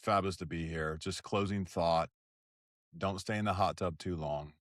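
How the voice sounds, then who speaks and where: A man's voice: sits low, fairly even intonation, moderate pace, no room sound, studio quality. A man co-hosting a business podcast, answering with short, wry quips. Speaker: podcast co-host. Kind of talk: casual podcast chat.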